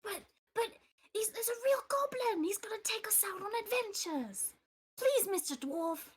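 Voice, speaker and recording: A woman voicing an eager young village boy who pleads excitedly. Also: very high-pitched, normal speed, pitched above the performer's own voice. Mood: pleading.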